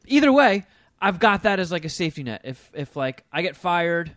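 Guy w a slightly high voice rambling and cursing thru stories, casual chat, dry sound. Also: big pitch swings, normal speed, a bit bright, no echo. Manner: profane, rambling storyteller.

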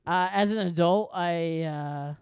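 Young woman podcast host, kinda low voice, dry close mic, chatty, keeps jumping in. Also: a little mellow, clear, resonant tone, dry recording. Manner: chatty, quick to jump in with playful impressions. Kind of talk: casual chat.

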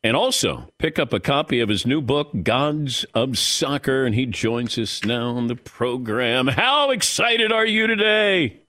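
A man hosting a sports talk radio show, chatting in a relaxed, conversational way. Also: medium pitch, measured pace, hardly any pauses, no echo, clean studio sound.

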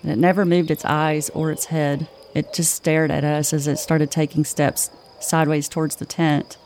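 A woman co-hosting a podcast, telling a spooky story in a slow, measured way. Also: sits low, slight background noise. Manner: slow, measured, flat delivery. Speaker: podcast co-host. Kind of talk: spooky campfire-style storytelling.

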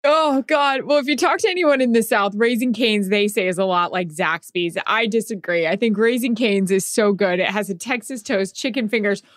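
A woman's voice: medium pitch, moderate pace, hardly any pauses, no echo, studio quality. A married woman co-hosting a podcast, chatting casually and telling anecdotes full of quoted dialogue. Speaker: podcast co-host. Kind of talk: casual chat.

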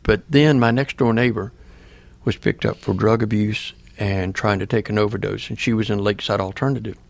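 A man's voice: fairly low pitch, fairly even intonation, a little fast, creaky, no room sound. An older man, a pastor, earnestly telling a personal story in plain words during an interview. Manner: plain-spoken, earnest, acts out remembered dialogue.

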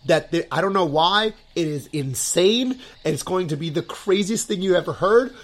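Male host, slightly high voice, casual gushing ramble, heavy on "like". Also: moderate pace. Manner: rambling, filler-heavy, loads of "like"; excitable, gushing. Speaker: podcast host. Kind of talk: casual chat.

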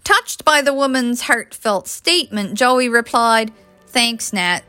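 A woman narrating a story in an expressive reading voice. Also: on the high side, measured pace, no echo, soft background music. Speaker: audiobook reader.

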